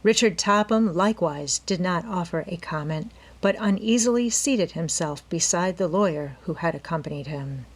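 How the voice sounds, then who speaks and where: A woman narrating a classic mystery novel as an audiobook reader, in an even storytelling manner. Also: on the low side, moderate pace, hardly any pauses. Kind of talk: scripted narration.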